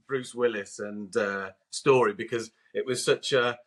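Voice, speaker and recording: A man in a podcast conversation telling a long anecdote, animated and acting out the lines of the people in it. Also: medium pitch, unhurried, few pauses. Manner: animated, acts out quotes. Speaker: podcast co-host and guest. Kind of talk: anecdotal storytelling.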